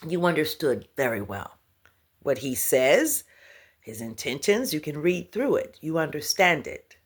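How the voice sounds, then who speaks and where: A middle-aged woman and spiritual speaker giving a motivational vlog talk, animated, laughing often and dropping into whispers. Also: sits low, a little slow, slightly rough.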